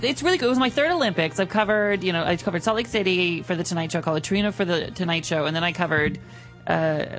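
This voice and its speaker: A man hosts a live radio show from a studio, chatting casually and animatedly and laughing often. His voice sits high.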